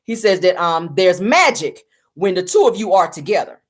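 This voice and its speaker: A woman's voice: fairly low pitch, very animated, normal speed. Woman chatting through a show recap. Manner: chatty, addresses viewers as y'all, retells quotes. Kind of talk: casual reality-show recap.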